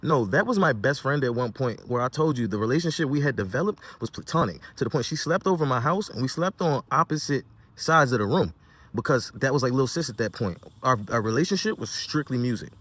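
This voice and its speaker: A young man telling his side of a breakup in a heated personal rant, acting out the quoted lines and swinging from soft to loud. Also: medium pitch, expressive, a little fast, no echo.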